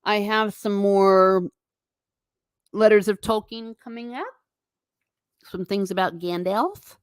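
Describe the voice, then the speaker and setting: A woman's voice: mid-range voice, takes it slowly, clean tone, dry recording, studio quality. A woman hosting a live stream, chatting casually and reading viewer comments aloud with frequent laughs. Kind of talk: casual chat. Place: home.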